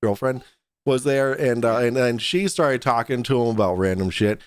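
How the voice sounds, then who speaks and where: A man's voice: medium pitch, normal speed, slight background noise. A man chatting as a guest on a talk show, hesitant and full of restarts. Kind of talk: casual chat.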